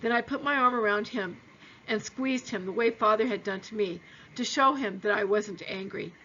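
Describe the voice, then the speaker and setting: A woman teacher reading a novel aloud to her students in a steady storytelling way. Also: mid-range voice, moderate pace, dull audio, slight background noise.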